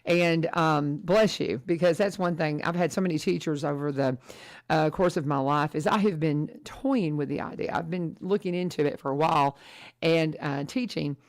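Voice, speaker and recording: A woman's voice: low-pitched, moderate pace. A woman hosting a local radio show, chatting casually with many restarts and asides. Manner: chatty, rambling, warm-hearted with frequent restarts. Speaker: radio host. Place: radio studio. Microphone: studio microphone.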